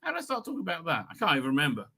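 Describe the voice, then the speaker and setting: Middle-aged male stream host, slightly high and very sharp-toned, rambling and chatty, laughs easily while working through chat. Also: wildly swooping pitch, rapid-fire, creaky, husky. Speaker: livestream host. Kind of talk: casual live chat, reading viewer comments.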